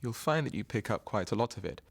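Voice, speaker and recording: Thoughtful man, low-pitched. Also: animated. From Britain. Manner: thoughtful, measured, explanatory. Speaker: actor. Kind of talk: interview answers.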